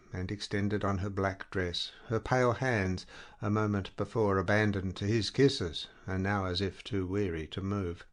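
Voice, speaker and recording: Low-voiced man reading a literary story. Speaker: narrator. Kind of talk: scripted literary narration.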